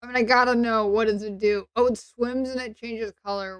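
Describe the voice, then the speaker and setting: A woman's voice: a little high, fairly even intonation, fairly bright tone, clear, resonant tone, dry recording, studio quality. A woman with an English accent, chatting sarcastically and playfully on a role-play stream. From England. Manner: sarcastic and playful, quick asides.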